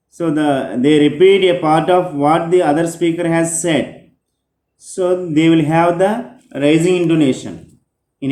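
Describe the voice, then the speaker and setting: A male teacher giving a grammar lesson, explaining slowly and repeating himself, often starting with "so". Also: on the high side, darkish tone, echoey room. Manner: slow, repetitive explaining with frequent "so".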